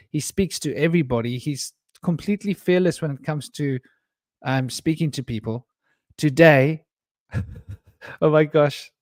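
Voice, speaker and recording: During an online panel discussion, a man with a fairly high-pitched, slightly mellow voice rambles through anecdotes and laughs often. The round table participant is on a video call, yet the audio is clean, echo-free and studio-like.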